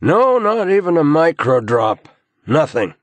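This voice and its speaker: A man voicing a tired, heavyset male crime scene investigator who answers wearily and gruffly in an audiobook. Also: a little high, sing-song, unhurried, dry recording, voice pushed up. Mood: weary. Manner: weary, gruff replies.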